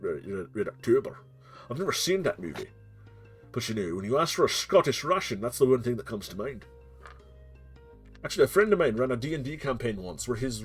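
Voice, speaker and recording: Excitable, jokey male streamer, lively pitch. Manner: jokey, rambling, swears freely; self-mocking and excitable. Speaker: streamer and game master. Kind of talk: casual live-stream chat before a game.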